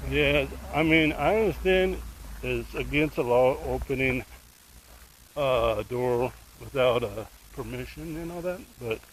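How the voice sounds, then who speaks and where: On a rough recording with a bit of hiss or hum, a medium-pitched male voice tells a true crime story in a casual way. He wanders off track, clearly cares about the case, and keeps turning to address the viewer.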